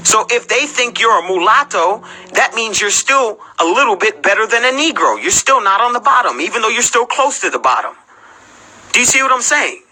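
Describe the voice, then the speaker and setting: A man's voice: high-pitched, expressive, a little fast, sharp tone, a little hiss or hum, rough recording. A man ranting on a livestream, confrontational and profane, firing off rhetorical questions. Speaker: livestream host.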